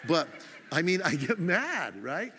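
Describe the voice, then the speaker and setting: A fairly high-voiced man preaches a sermon, chatty and self-mocking, now and then acting out his own irritation in quick asides. His voice carries a long reverb, as if he stands at the front of a church hall. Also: very animated, pushed and bright, a little hiss or hum. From United States. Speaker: pastor.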